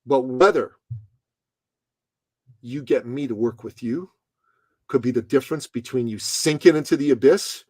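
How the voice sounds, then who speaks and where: A man voicing a calm, stern older male business mentor who lectures in a quiet, measured way. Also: mid-range voice, husky, dry recording, voice pushed down.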